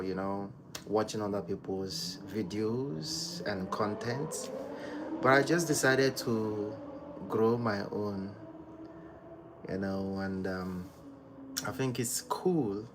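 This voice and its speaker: A Nigerian-born man hosting a casual live stream from home, greeting viewers by name and chatting with them in a soft, unhurried way. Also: on the low side, noisy background. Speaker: livestream host.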